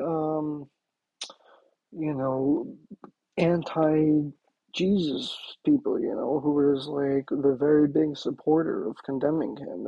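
A man's voice: fairly high pitch, creaky, husky, no echo, phone-quality sound. A man hosting a talk show, rambling casually with many fillers and restarts. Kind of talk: casual monologue.

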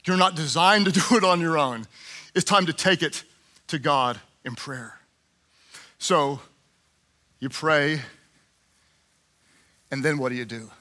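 A man preaching a sermon with passion. He repeats phrases and swings from shouting to hushed, prayerful tones. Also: on the high side, slow pace, long pauses. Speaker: pastor.

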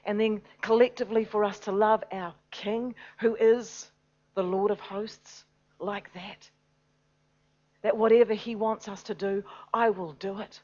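A woman preaching a sermon, swinging from loud, urgent emphasis to hushed, near-whispered lines, with some hesitations and restarts. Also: medium pitch, steady tone, a little slow, highs cut off.

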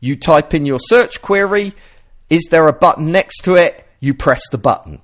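A man hosting a podcast, explaining ideas in a casual, animated way and often restarting his sentences. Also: on the high side, normal speed. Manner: animated, explanatory, self-interrupting. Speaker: podcast host.

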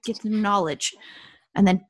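A woman's voice: mid-range voice, unhurried, poor audio. A woman co-hosting a casual podcast, blunt, playful and emphatic in her opinions. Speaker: podcast co-host.

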